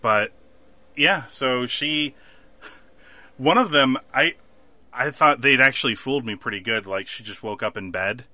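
Casual male co-host, very bright voice, rambles and acts out lines. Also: medium pitch, a little slow, long pauses, no echo. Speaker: podcast co-host. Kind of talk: casual TV recap chat.

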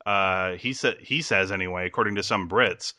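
A man's voice: deep voice, moderate pace, sharp tone, dry recording, studio quality. A man with a Midwestern American accent hosting a casual podcast, rambling with lots of fillers and restarts. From Midwestern United States. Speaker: podcast host.

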